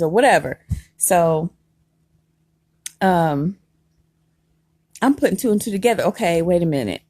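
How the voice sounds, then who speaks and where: A woman telling a personal story in a casual vlog, animated and emphatic, laughing as she goes. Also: on the low side, moderate pace, long pauses, dry recording, clean studio sound.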